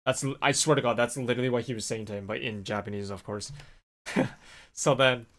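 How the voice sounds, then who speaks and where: A man vlogging in a casual, rambling storytelling way, animated when he quotes people. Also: medium pitch, fairly quick. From North America. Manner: rambling, animated when quoting others, laughs often.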